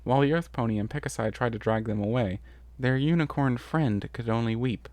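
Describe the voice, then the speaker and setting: A man reading a rhyming fan story aloud in an even narrative rhythm. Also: mid-range voice, a little fast, no room sound. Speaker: story reader. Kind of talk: scripted narration.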